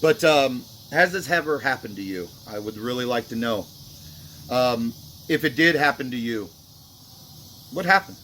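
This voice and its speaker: A man talks straight to his viewers, rambling and full of ums, sounding sorry about what he did. His voice sits at a middle pitch. Faint crickets and insects chirp behind him. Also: expressive, normal speed, pauses often, pushed and bright, a little hiss or hum. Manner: remorseful, rambling, many fillers. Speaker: vlogger. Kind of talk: casual talk to camera.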